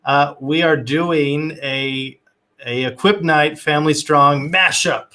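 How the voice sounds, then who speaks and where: A man's voice: a little high, slow, sharp tone. A man hosting a live stream, upbeat and casual, with lots of fillers as he greets viewers by name. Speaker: host. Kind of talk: livestream welcome, casual chat.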